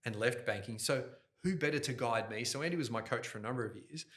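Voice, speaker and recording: A man in middle age, talking as a guest in a podcast studio. His voice is bright and forceful, and he talks in lively, fast bursts. He is close on a directional microphone. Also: medium pitch. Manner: energetic, fast, jokey, talks with his hands toward the mic. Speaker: guest, event host and MC. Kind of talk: animated interview storytelling.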